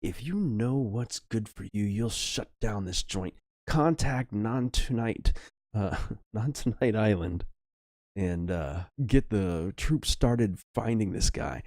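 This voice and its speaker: Man voicing a dorky male spy, threatening, deliberate, low voice, game character. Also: expressive, a little mellow, dry recording, full character voice.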